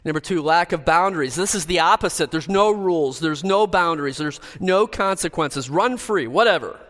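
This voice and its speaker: A man preaching a sermon in a church, earnest and measured as he works through a numbered list. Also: a little high, expressive, fairly bright tone, big-room sound. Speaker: pastor.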